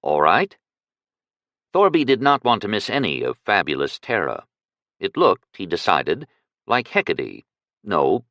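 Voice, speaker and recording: Brief: expressive audiobook narrator, man, low-pitched and dry. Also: no room sound. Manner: measured, expressive storytelling. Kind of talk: scripted narration.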